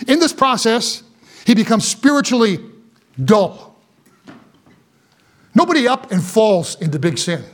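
A man's voice: high voice, sing-song, a little slow, long pauses. A male preacher giving a sermon, emphatic and folksy, repeating lines for emphasis.

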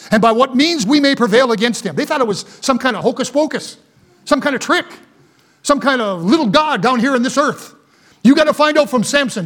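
Emphatic, folksy preacher, a man with a high voice, sermon delivery.

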